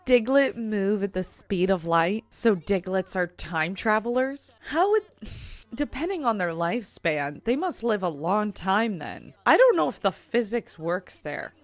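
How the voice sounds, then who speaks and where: A young woman talks through a show as she watches it, chatting casually and breaking into laughter. She keeps asking questions out loud in a relaxed, conversational reaction-video style. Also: medium pitch, a little slow, dry recording. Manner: chatty, laughing often, asks many questions. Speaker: reaction vlogger.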